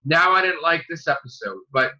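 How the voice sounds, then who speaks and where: High, bright-voiced man ranting casually. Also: expressive, a little fast. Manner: ranting, swearing, frequent fillers and restarts. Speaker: podcast co-host. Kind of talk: casual fan chat. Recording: dull lo-fi podcast audio.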